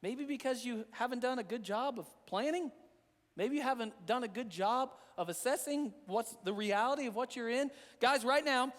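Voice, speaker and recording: A man's voice: extremely high pitch, normal speed, fairly bright tone, long reverb tail. A man preaching a sermon as a pastor, earnest and repetitive in a conversational way. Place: church sanctuary.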